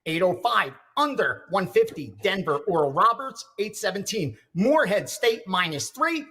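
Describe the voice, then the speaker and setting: A man reads betting picks on a sports show and tells stories with fervent, preachy conviction. His voice sits high and sounds husky. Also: big pitch swings, moderate pace, pushed and bright. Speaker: sports handicapper. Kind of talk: reading picks, then casual chat.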